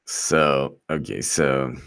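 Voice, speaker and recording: A man's voice: a bass voice, extremely slow, creaky, fairly bright tone, clean tone. A man hosting a live-streamed political commentary show, rambling and mocking as he laughs often.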